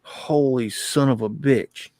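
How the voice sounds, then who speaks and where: A man hosting a livestream, talking in an excitable, profane, rambling way. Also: medium pitch, slow pace, no room sound, clean studio sound. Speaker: livestream host. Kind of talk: casual livestream commentary.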